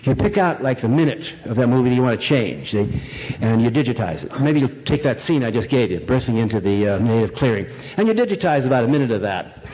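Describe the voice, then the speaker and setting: A man's voice: medium pitch, lively intonation, fast, hardly any pauses, darkish tone. An older man giving an irreverent, rambling public lecture, full of jokes and fillers, to a live audience. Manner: irreverent, rambling, jokey storytelling with many fillers. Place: large lecture hall. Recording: echoey hall, faint noise.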